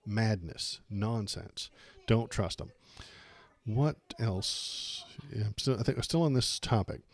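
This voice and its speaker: A man's voice: on the low side, expressive, slow pace, creaky. A man hosting a political livestream, giving sarcastic, exasperated commentary.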